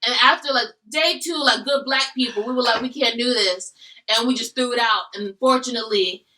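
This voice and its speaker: Chatty woman telling a story, bright voice. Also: a little high, brisk, far from the mic, rough recording. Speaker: host. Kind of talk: casual storytelling while eating.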